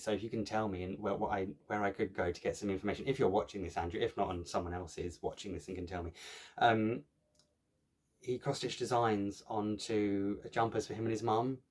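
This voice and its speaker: A man chatting casually to camera as a cross-stitch vlogger, joking at his own expense and filling gaps with lots of ums and restarts. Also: fairly low pitch. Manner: chatty, jokey, self-mocking, many fillers.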